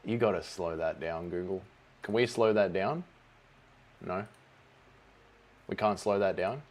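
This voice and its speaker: A man's voice: deep voice, measured pace. A man hosting a casual watch-along livestream, joking around and reading out chat messages. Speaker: livestream host.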